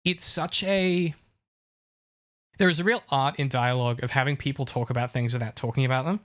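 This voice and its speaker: A man's voice: medium pitch, a little fast. A man co-hosting a podcast, breaking down TV dialogue in an eager, analytical chat. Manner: enthusiastic, lots of restarts. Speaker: podcast co-host.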